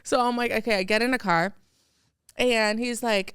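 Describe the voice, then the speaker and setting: Bright, clear-voiced woman telling a story. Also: on the high side, normal speed, no echo, clean studio sound. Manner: animated storytelling, laughs often. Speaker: podcast co-host. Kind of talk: casual chat.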